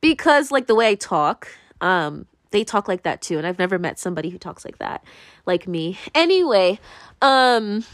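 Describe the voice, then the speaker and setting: A woman's voice: mid-range voice, sing-song, normal speed, no room sound, studio quality. A young woman talking casually to camera in a rambling monologue, full of fillers, restarts and sudden swings.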